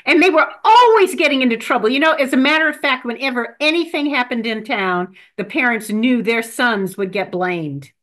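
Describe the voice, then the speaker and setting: A woman reading a joke and a devotional at church, expressive and deliberate. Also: on the high side. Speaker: church lay reader.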